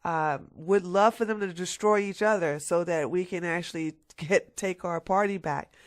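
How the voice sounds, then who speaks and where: A woman's voice: on the low side, normal speed, no echo, clean studio sound. A woman giving a ranting political commentary on her vlog, emphatic and mocking, hammering her points home by repeating them.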